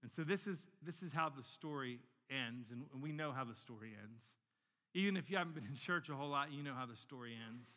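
A man's voice: medium pitch, a little fast, bright, forceful tone, long reverb tail. A pastor in his forties, telling stories animatedly in a sermon and often repeating words as he restarts a sentence. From Northern Virginia, United States.

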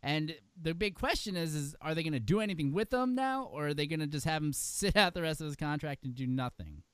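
A man's voice: fairly high pitch, animated, a little fast, fairly bright tone, smooth, no echo. A man co-hosting a podcast in casual chat, talking in a rambling way with many fillers and laughs. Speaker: podcast co-host.

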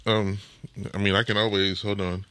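A man's voice: fairly low pitch, level tone, moderate pace, pushed and bright, a little hiss or hum. A man co-hosting a casual chat, talking animatedly and laughing while he eats. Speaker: podcast co-host.

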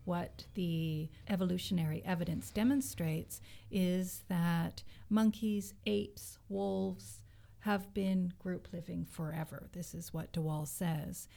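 Woman, co-host, slight vocal fry, measured and explanatory, casual academic talk. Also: fairly low pitch, fairly even intonation, dark tone.

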